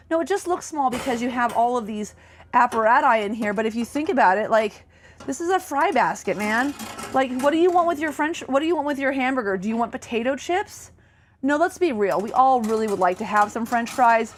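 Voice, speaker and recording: A woman's voice: fairly high pitch, slight background noise. A woman giving a casual, chatty walkthrough of a motorhome as a presenter, enthusiastic and full of fillers. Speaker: RV sales presenter. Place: inside a motorhome.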